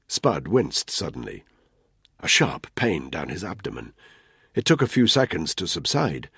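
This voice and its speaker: A man narrating a thriller audiobook in a measured, tense storytelling manner. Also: low-pitched, husky, dry recording, clean studio sound.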